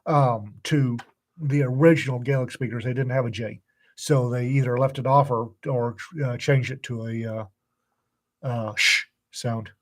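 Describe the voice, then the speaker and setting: A man's voice: mid-range voice, steady tone, a little slow. An older man co-hosting a casual podcast, grumpy and hesitant, dropping offhand swear words between ums. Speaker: podcast co-host. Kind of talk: casual chat.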